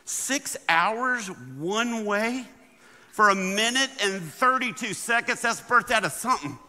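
A high-voiced man preaches with humor, acting out the characters in his stories. His tone is very bright and forceful, and the sound carries a long hall reverb. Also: slow. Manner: animated, acts out the people in his stories. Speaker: guest speaker. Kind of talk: humorous sermon storytelling.

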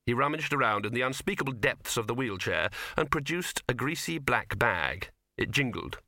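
A man reads a comic novel aloud with wry timing, his voice bright and ringing. His pitch moves about a great deal. The recording is dry and close. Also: lively intonation, normal speed, dry recording. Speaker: audiobook narrator. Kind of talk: scripted narration.

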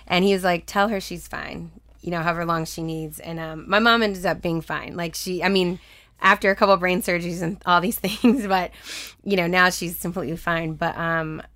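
A young woman from Texas talking casually as an interview guest, telling personal stories in a chatty, animated way, laughing often and acting out what people said. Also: on the low side, moderate pace, dry recording. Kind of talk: casual conversational storytelling.

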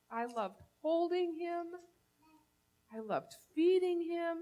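A woman pastor with a bright, high voice preaches slowly, speaking conversationally and earnestly as she weaves a personal story into her sermon.

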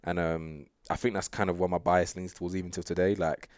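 Man, young adult, low voice, dry close mic, relaxed rambling chat. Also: fairly quick, clean tone, no room sound. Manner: relaxed, rambling, full of fillers and laughs. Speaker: guest sprinter. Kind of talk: casual interview chat.

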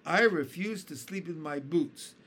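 A man's voice: a little high, unhurried, a bit bright, slight background noise, voice pushed up. A man reading a children's storybook aloud, voicing a boastful, teasing male giant centipede.

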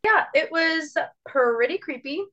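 Woman, young adult, podcast co-host, lively storytelling, dull muffled sound. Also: high-pitched, unhurried. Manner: animated, acts out quotes. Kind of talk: casual storytelling chat. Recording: dull lo-fi recording.

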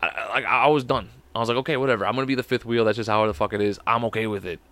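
A man's voice: medium pitch, fairly even intonation, very fast, sharp tone, no echo. Profane rambling young man, dry sound. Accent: Chicago. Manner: profane, rambling, laughing often. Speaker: podcast co-host. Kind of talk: casual storytelling.

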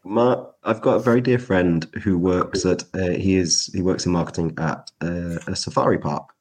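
A man chatting on a podcast, hesitant and halting, starting his sentences over and over. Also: sits low, a little mellow. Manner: hesitant, many fillers and restarts. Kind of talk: casual chat.

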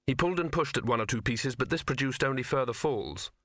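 A man narrating a comic fantasy novel as an audiobook reader, in a dry, measured way. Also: medium pitch, lively intonation, fairly bright tone, dry recording. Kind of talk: scripted narration.

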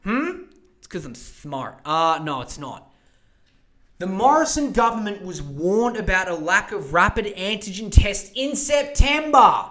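A man's voice: high-pitched, sing-song, measured pace, fairly bright tone. A young man hosting a solo podcast, ranting about politics in a profane, rambling way. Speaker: podcast host.

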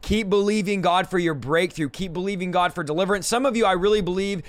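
A man hosting a live stream reads viewer comments aloud in a quick, excited list. His voice is smooth and sits a little high. The sound is dry and close. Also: no room sound. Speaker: host.

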